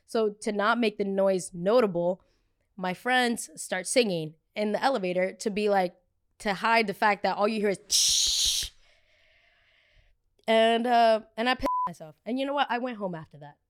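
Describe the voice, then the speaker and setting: A young woman in her twenties hosting a podcast, telling a story in a candid, animated way and swearing freely. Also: mid-range voice, moderate pace, smooth. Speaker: podcast host. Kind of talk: casual confessional storytelling.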